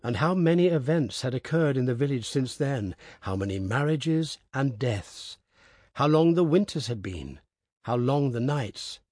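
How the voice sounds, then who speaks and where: A man narrating a story aloud in a measured, even manner. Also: medium pitch, no room sound, studio quality. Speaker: audiobook narrator. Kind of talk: scripted narration.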